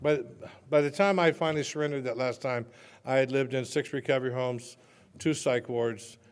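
A man's voice: medium pitch, steady tone, normal speed, clear, resonant tone. A man sharing his recovery story at a meeting, conversational with self-mocking humor. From Southern California. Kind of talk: personal testimony talk. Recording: long reverb in a hall.

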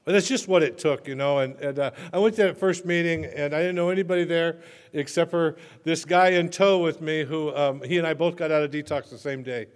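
A fairly high-pitched man from Southern California talks fairly quickly as he recounts his recovery at a meeting. His testimony is conversational and self-mocking, and the hall gives the recording a long reverb.

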